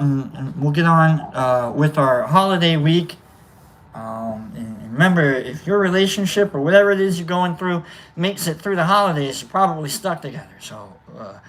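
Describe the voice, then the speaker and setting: A woman co-hosting a livestream, casually reading out chat names with rambling, playful asides and sudden whoops. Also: sits low. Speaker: livestream co-host.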